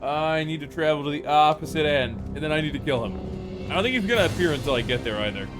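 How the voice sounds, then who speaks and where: A man's voice: on the high side, expressive, quick pace. A man streaming a video game live, chatting casually to himself and his viewers and swearing now and then. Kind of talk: casual live gameplay commentary. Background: game music.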